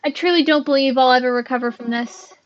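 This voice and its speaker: A woman's voice: sits high, steady tone, quick pace, lo-fi sound, lightly acted. A girl voicing a grieving mother who mourns her young daughter and speaks sorrowfully, close to tears. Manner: sorrowful, tearful, apologetic.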